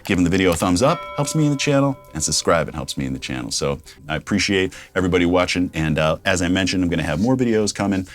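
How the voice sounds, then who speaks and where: In his home studio, a man hosts a casual microphone review for YouTube, repeating test phrases while checking levels on a studio condenser mic. His voice is low-pitched and expressive, and he talks fast with few pauses. Soft music plays in the background.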